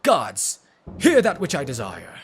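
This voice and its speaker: A man voicing a menacing male demon king sorcerer in a video game, speaking slowly and solemnly. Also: medium pitch, animated, fairly bright tone. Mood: triumphant. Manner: slow, solemn, theatrical delivery.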